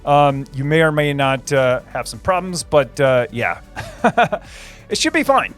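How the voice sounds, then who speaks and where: A man's voice: fairly high pitch, animated, unhurried, fairly bright tone, soft background music. A man hosting a casual livestream, chatting with viewers and rambling through answers with many fillers and repeated phrases. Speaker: livestream host.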